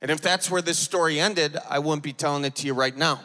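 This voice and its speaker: A man in his thirties with a Wisconsin accent, doing animated stand-up storytelling on a large theater stage. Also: a little high, fairly quick. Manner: animated, shouting punchlines. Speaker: stand-up comedian. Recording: live theater, long reverb, crowd.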